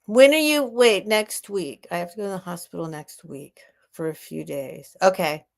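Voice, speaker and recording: A woman hosting a live online sale at home, chatting casually and rambling with soft laughs. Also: on the low side, normal speed, creaky. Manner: rambling and warm-hearted, with frequent soft laughs. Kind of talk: casual live-stream chat.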